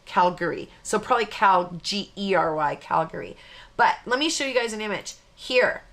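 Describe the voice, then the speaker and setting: Woman, live craft host; loose, chatty, self-interrupting, quick to laugh. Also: medium pitch, animated, fairly bright tone. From Canada. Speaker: card-making tutorial host. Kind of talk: casual chatty live tutorial.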